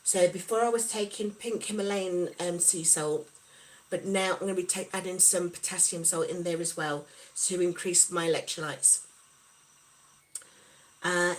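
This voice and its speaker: A woman's voice: medium pitch, low-quality recording. A middle-aged woman from the UK, chatting casually on a livestream and reading out viewers' comments. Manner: chatty, reads out viewer comments and replies warmly. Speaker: livestream host.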